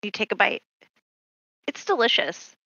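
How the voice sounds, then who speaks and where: A woman running a tabletop horror game, taking her time and pausing on fillers. Her voice is bright and forward. The recording is dry and a little dull, like a modest home mic. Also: medium pitch, very animated, creaky, dry recording. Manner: unhurried, hesitant with many fillers. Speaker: game master.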